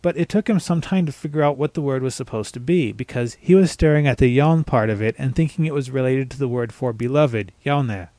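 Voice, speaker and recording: A man delivers a scripted pronunciation lesson, spelling out words letter by letter and demonstrating each sound slowly. His voice sits at an ordinary male pitch. The recording is dry and close, with no room sound. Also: warm tone, dry recording. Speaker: language teacher.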